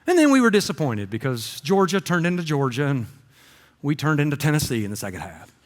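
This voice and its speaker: A man's voice: a little high, fairly quick. A middle-aged man preaching a sermon, telling stories with comic voices. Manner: animated storytelling with comic voices. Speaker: pastor. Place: church auditorium. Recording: long hall reverb.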